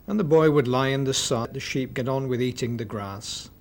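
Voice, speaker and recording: A man narrating a children's story expressively, with dramatic pauses. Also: medium pitch.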